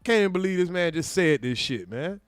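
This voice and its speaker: A man's voice: sits high, animated, fairly quick, smooth, no echo, clean studio sound. A man streaming his reaction to a clip, mocking and sarcastic, talking straight to his chat. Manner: mocking, sarcastic, mimics apologies in exaggerated voices. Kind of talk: livestream reaction commentary.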